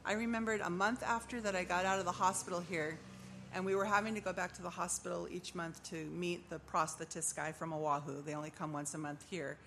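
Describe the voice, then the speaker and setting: Gravelly woman giving a church testimony. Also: fairly low pitch, fairly even intonation, fairly quick, fairly bright tone, a little hiss or hum. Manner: earnest storytelling, acts out voices in quotes. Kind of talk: personal testimony.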